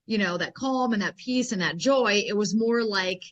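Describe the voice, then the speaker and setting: A woman guest in an interview, a health and fitness professional telling stories in a rambling, animated way full of fillers. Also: mid-range voice, moderate pace. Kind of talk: casual interview storytelling.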